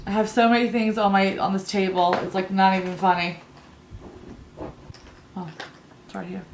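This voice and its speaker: A woman in her thirties talks her way through a makeup tutorial, wandering off into chatty family stories and laughing at them. Her voice sits at an ordinary middle pitch, and it rings a little in an echoey room. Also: level tone, normal speed, slight background noise. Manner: rambling, storytelling, laughs at own stories. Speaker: beauty vlogger.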